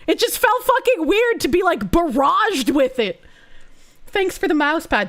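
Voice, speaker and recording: A woman's voice: very high voice, very animated, measured pace, fairly bright tone. A woman streamer telling a story in casual chat, rambling, swearing freely and filling her sentences with "like". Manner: rambling and profane, full of fillers like "like".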